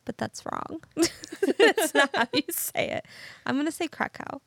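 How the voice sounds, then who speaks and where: A woman's voice: high-pitched, animated, a little slow, vocal fry, a bit bright, no room sound. A woman co-hosting a casual podcast, telling stories in a giggly, rambling way. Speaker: podcast co-host. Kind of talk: casual chat.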